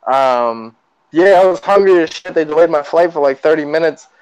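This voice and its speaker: A man's voice: on the high side, moderate pace, smooth, dry recording, highs cut off. An easygoing young man with a slightly raised voice talks casually on a podcast. He uses plenty of slang and laughs often. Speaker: podcast co-host. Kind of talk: casual chat.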